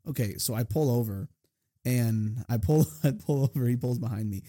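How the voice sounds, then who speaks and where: A man's voice: mid-range voice, normal speed, warm tone, breathy edge, no echo, clean studio sound. A young man telling stories in a casual chat, laughing often and quoting people in a raised voice. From Maryland, United States. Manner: storytelling, laughs often, quotes others in raised voice. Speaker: podcast co-host.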